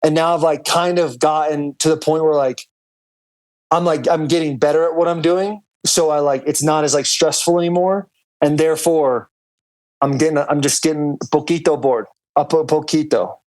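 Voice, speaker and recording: Man, casual podcast chat, rambling, lots of fillers, slightly high pitch, video call. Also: fairly even intonation, moderate pace, a little mellow. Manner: loose and rambling, full of "like" and "dude". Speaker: podcast co-host calling in from abroad.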